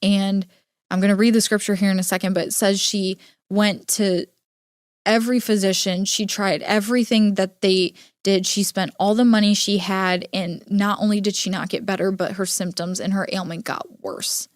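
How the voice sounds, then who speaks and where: A young adult woman hosting a podcast, telling a personal story in an earnest, halting way with many filler words. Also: mid-range voice, steady tone, no room sound, clean studio sound. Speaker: podcast host. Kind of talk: personal storytelling, casual monologue.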